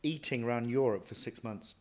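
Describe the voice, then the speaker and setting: A man, a chef and restaurant owner, telling stories from his career in a lively way, often acting out what he thought and said. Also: mid-range voice, brisk. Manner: lively anecdotal, quotes himself often. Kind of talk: casual interview storytelling.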